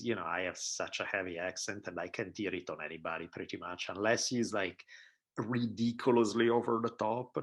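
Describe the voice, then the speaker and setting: A low, gravelly man in his forties speaks with a heavy Italian accent. His voice is husky and rough around the edges. He chats casually as a podcast guest, swearing freely and acting out what people said. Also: a bit bright. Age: 40s. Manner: laid-back, profane storytelling with acted-out quotes. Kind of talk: casual chat.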